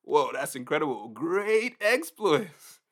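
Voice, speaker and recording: A man preaching a casual, conversational sermon in an animated way, often acting out reactions. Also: a little high, takes it slowly.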